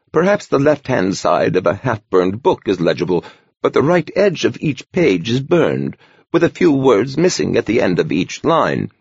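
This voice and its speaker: A gentle old monk overseer with a lively, sing-song lift, patient and wryly teasing, as a narrator puts him on. The voice sits higher than a gruff elder, husky and gravelly at the edges. It is a dull, dry, lo-fi storybook recording. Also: male voice, no echo, exaggerated voice. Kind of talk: audiobook character voice.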